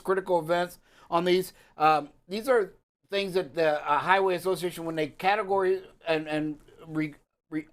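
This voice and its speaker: A man hosting a live talk show segment on trucking safety, talking loosely with lots of uh and um. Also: a little high. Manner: loose, rambling, many fillers.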